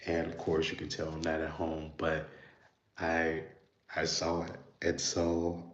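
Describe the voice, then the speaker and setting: A man hosting a live stream from a library meeting room, speaking earnestly and haltingly while fighting back tears. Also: rumbling low, monotone. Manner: earnest, halting, with many restarts and fillers. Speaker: livestream host. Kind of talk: unscripted live reflection. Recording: roomy, dull lo-fi sound.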